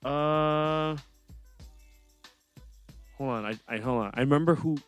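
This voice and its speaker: A young man, a rapper guest on a podcast, telling his story in a casual, animated way and acting out what others said to him in slang. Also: on the high side, takes it slowly, clear, resonant tone, soft background music. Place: podcast studio.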